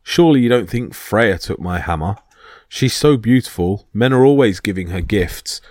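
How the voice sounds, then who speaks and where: A man voicing a hot-tempered male thunder god who shouts threats in a low voice. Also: animated, normal speed, dry recording, soft background music. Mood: blunt. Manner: bellowing, furious threats.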